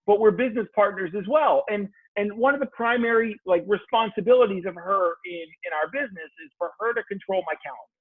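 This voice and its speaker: On a tinny, phone-like line with no room sound, a man with a slightly high voice chats as a coach guest on a casual podcast. He's an animated storyteller who curses freely.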